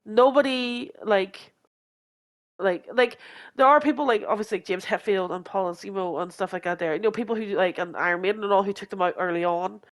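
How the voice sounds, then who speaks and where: A woman's voice: mid-range voice, brisk. Woman, podcast co-host, casual chat, rambling, filler-heavy, laughs a lot. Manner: rambling, many fillers and restarts, laughs often.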